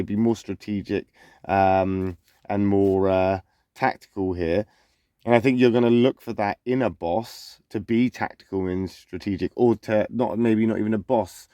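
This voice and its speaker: A man's voice: lowish voice, darkish tone, no echo, studio quality. A man hosting a zodiac reading channel, speaking loosely and conversationally, often restarting and repeating phrases. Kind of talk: casual zodiac forecast reading.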